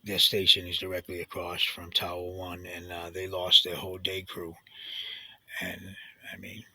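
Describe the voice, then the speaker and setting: A middle-aged man tells his own story in a confessional way. His voice is tense and bright-edged, with a raspy grain and a low, gravelly texture. He speaks haltingly, with many restarts and fillers, and sometimes drops to a hushed near-whisper. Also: completely flat delivery, rough recording. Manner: sinks to a hushed near-whisper at heavy moments.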